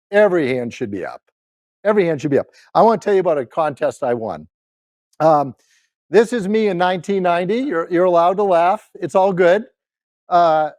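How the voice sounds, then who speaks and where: Energetic man giving a sales keynote. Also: no room sound. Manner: high-energy, rallying the crowd with questions. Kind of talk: motivational keynote to a live audience.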